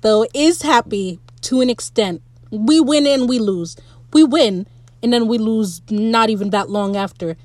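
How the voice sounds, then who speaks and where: A woman giving a casual, opinionated recap of a TV episode, animated and swearing freely, speaking straight to the writers. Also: medium pitch, no room sound. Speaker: show recap podcaster.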